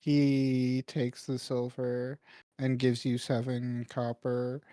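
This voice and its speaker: A man narrating a tabletop game as game master, calm and matter-of-fact. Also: mid-range voice, slow, clean tone, dry recording, studio quality.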